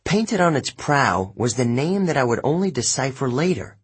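A man narrating an audiobook in the first person, expressive and unhurried. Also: medium pitch, breathy edge.

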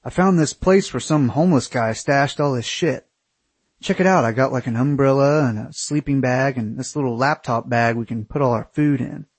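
A stingy, stubborn young traveler, as a man reads him in a storybook narration, brushing off complaints in a matter-of-fact tone. The voice is a little husky and dry, close to the narrator's own. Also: medium pitch, normal speed, no echo. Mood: dismissive.

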